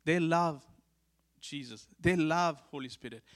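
A man preaching a sermon as pastor, earnest and repeating key lines for emphasis, swinging from emphatic calls to hushed, quiet stretches. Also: a little high, measured pace.

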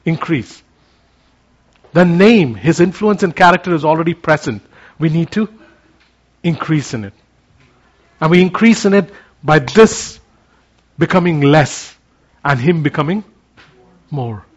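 A man preaching a sermon, moving from quiet reflection into fervent declaration. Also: a little high, lively intonation, a little slow, long pauses, dull audio.

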